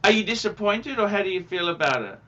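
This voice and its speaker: High, bright-voiced man. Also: sing-song, fast talker, lo-fi sound. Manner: loud, swearing, shouts impressions of his father. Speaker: livestream host. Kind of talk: casual livestream chat with callers.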